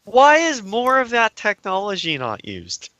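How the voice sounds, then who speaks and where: A man's voice: sits high, wildly swooping pitch, measured pace, sharp tone, no echo, highs cut off. A young man co-hosting a podcast, asking wry questions in casual chat. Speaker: podcast co-host.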